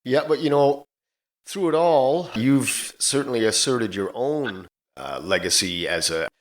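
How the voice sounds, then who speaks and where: A man's voice: mid-range voice, animated, a little slow. A man hosting an interview podcast, asking questions in a friendly, conversational way. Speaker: podcast host.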